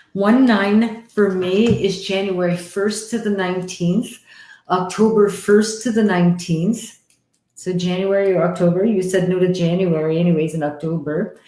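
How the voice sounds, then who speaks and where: A woman from Canada, a psychic medium hosting a live-stream card reading, chatty and animated, with frequent laughter. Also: mid-range voice, moderate pace, echoey room.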